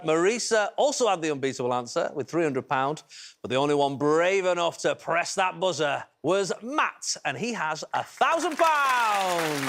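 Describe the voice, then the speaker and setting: Jokey, higher-voiced male quiz show host. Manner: jokey, chatty, teasing. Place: TV studio with audience.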